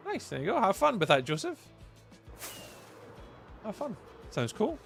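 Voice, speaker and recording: A man's voice: sits high, wildly swooping pitch, measured pace, gravelly, fairly bright tone, faint music behind. A man with a Scottish accent giving chatty live gameplay commentary as a streamer, answering viewers' chat messages aloud. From Scotland. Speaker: livestreamer.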